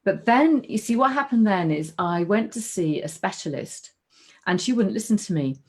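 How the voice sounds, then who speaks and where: A middle-aged woman in casual conversation, telling a personal story in an animated way, restarting her sentences and acting out her own thoughts. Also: medium pitch, normal speed, slightly rough. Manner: animated, storytelling, with frequent restarts and quoted inner voices. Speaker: guest.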